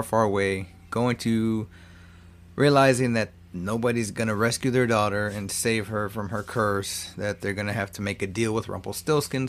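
A man retelling a cartoon film's plot in a loose, profane, casual way, often restarting his sentences. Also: lowish voice. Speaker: movie recapper. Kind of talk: casual movie recap.

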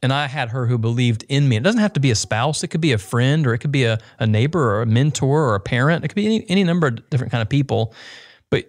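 A man's voice: mid-range voice, dry recording, clean studio sound. Earnest man telling his story. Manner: earnest storytelling, many restarts. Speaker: guest, business owner. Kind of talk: casual podcast conversation.

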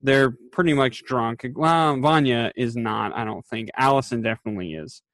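A man's voice: medium pitch, normal speed, a bit bright, no echo. A man in casual podcast chat, recapping a TV episode in a rambling way, with lots of fillers and quoted lines acted out. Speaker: podcast co-host.

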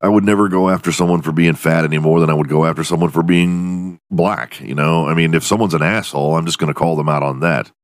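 A man's voice: very deep voice, fairly even intonation, quick pace, hardly any pauses, dry recording, studio quality. A man hosting a podcast alone in his room, delivering a profane, self-mocking comedic rant. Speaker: podcast host.

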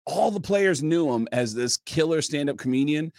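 Man telling a lively story. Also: fairly high pitch, moderate pace, dry recording, studio quality. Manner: lively, acts out voices, lots of fillers. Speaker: comedian guest. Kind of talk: casual storytelling. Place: podcast studio.

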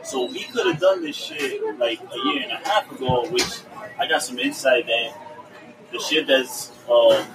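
A man's voice: mid-range voice, lively intonation, moderate pace. A man co-hosting a casual chat, talking in a slangy, profane storytelling way. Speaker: podcast co-host. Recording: distant mic with room noise.

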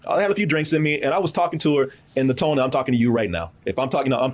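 A man's voice: mid-range voice, very fast, few pauses. A man telling a story in a casual podcast chat, acting out the voices of the people in it. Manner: animated, acts out voices in his story. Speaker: podcast co-host.

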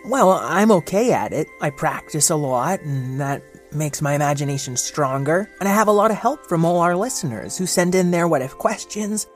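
Gentle, earnest man hosting for kids. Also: fairly high pitch, animated, moderate pace, hardly any pauses, faint music behind. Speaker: host and storyteller of a kids' podcast. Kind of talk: scripted narration for children.

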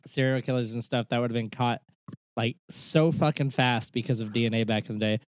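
A man co-hosting a podcast in relaxed casual chat, full of "like" and swearing. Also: medium pitch, fairly quick, no room sound. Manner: relaxed, filler-heavy, cursing. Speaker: podcast co-host.

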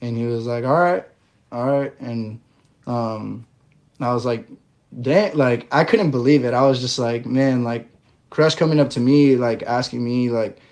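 A man guesting on a podcast, telling his story in a relaxed way with lots of fillers. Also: mid-range voice, moderate pace. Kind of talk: casual interview chat.

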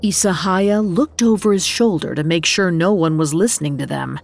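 A woman narrating a story in a steady, measured reading voice. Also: fairly low pitch, gravelly.

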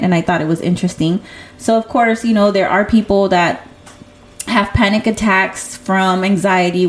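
Chatty young woman who laughs often. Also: medium pitch. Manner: laughs often, animated storytelling. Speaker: host. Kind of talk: casual chat.

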